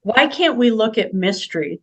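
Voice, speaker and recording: A woman's voice: fairly high pitch, lively intonation, a bit bright. A middle-aged woman, a spiritual healer, talking casually in an interview, chatty and full of anecdotes. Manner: chatty, storytelling, quick to laugh.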